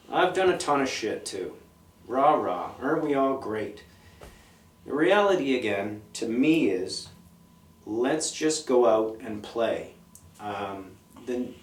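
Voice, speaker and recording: A middle-aged man, a punk musician being interviewed, talking in a blunt, profane, animated way. He tells stories in a casual monologue. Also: mid-range voice. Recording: echoey room, mic at a distance, faint noise.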